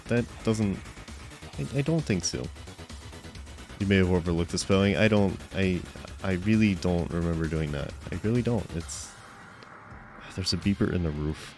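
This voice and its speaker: Low-voiced man streaming a game. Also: a little mellow. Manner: playful, mock-offended banter, stammering restarts. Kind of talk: live gameplay commentary chatting with viewers.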